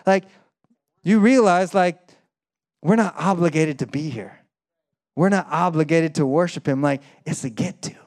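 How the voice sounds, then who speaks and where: A young adult man preaching a sermon in a conversational, animated way, full of "like" and acted-out quotes. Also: unhurried, long pauses. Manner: animated, acts out quoted voices with sudden high bursts; conversational with frequent "like" fillers. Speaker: pastor.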